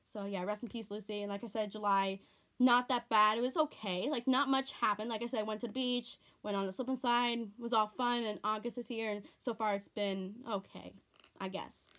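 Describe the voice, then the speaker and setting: A teenage girl vlogging at home speaks in a medium-pitched, slightly bright voice with fairly even intonation and a normal speed. Tearful and close to crying, she chats casually, rambling and repeating herself earnestly.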